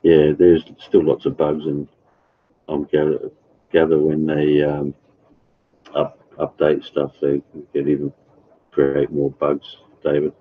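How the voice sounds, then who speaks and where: A man's voice: very deep voice, completely flat delivery, slow, breathy edge. A man chatting casually with his live viewers, rambling and calling out chatters by name, from home. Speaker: livestreamer. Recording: tinny phone-like sound.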